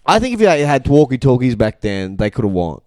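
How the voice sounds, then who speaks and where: A young man muses through a casual podcast chat, rambling and breaking into laughs. His voice is smooth and clear, recorded close and dry. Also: mid-range voice, sing-song, fairly quick, a little mellow, no room sound. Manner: laughs often, rambling and musing aloud. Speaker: podcast co-host. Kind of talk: casual banter.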